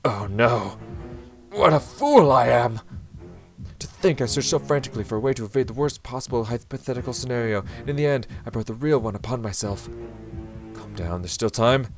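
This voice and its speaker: A man's voice: medium pitch, close to an everyday voice. A man reading aloud the inner monologue of a formal, flustered young male samurai from a visual novel.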